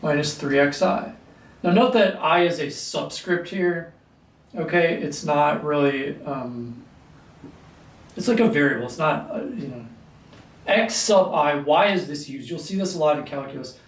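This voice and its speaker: A man teaching a calculus lesson at a whiteboard, clearing his throat often and talking through steps with fillers. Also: on the high side, measured pace. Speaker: math teacher. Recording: echoey room, mic at a distance.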